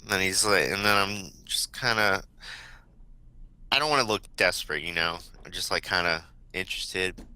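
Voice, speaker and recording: A man's voice: low voice, steady tone, normal speed, sharp tone, clean tone, poor audio. A man playing a tabletop game, offhand and blunt about his character's moves. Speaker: player.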